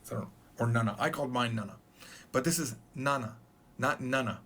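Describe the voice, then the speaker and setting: A man's voice: mid-range voice, fast, fairly bright tone. A man teaching a casual Japanese numbers lesson, playful and joking as he goes.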